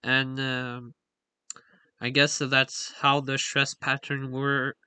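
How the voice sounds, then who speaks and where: A man's voice: medium pitch, completely flat delivery, slow, bright, forceful tone, smooth, no echo. A man explaining a language's stress patterns in a casual, hesitant way, full of fillers and self-corrections. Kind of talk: casual explainer with on-screen examples.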